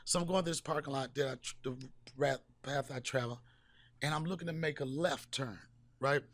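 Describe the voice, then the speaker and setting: A man hosting a comedy podcast, telling loud, profane stories and shouting hype sign-offs. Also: mid-range voice, a little fast, no echo. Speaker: podcast host. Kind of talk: casual comedic podcast talk.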